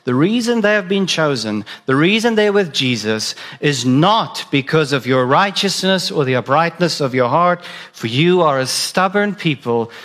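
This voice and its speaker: A man's voice: on the high side, lively intonation, normal speed, hardly any pauses, a bit bright. A man preaching a sermon in a conversational way, asking the listeners direct questions. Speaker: pastor.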